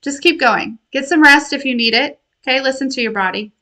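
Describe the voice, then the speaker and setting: In a high, sharp voice at a slightly fast pace, a woman who works as a tarot reader and intuitive healer shares a casual spiritual message with viewers. She rambles, laughs frequently and sounds affectionate. The audio is poor.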